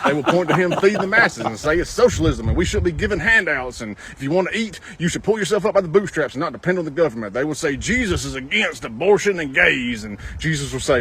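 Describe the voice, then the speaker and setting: A man delivering a satirical monologue in a sardonic, deadpan way. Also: on the high side, fast talker, few pauses, slight background noise. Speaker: commentator in a played clip.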